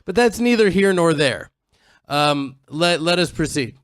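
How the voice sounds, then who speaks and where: A man's voice: fairly high pitch, lively intonation, measured pace, dry recording, clean studio sound. A man co-hosting a casual chat, teasing and joking with his friend. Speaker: co-host. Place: outdoors on a farm in the mountains.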